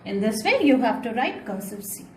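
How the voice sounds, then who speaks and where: High-voiced woman teaching phonics slowly. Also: very animated, a little mellow, slight background noise, rough recording. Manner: slow, drawn-out phonics sounds; repeats words and calls out "children". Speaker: kindergarten teacher. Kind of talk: classroom lesson.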